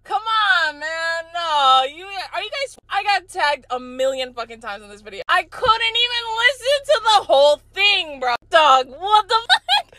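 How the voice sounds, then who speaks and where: A young woman roasting men in a brash, profane comic reaction, breaking into loud laughter between jabs. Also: extremely high pitch, big pitch swings, normal speed, hardly any pauses, no echo. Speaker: TikTok creator roasting men.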